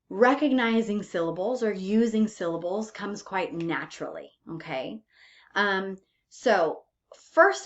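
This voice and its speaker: A woman's voice: mid-range voice, a bit bright, dull audio. A woman teaching an English pronunciation lesson, patiently checking in with "okay?" and "right?" after each point.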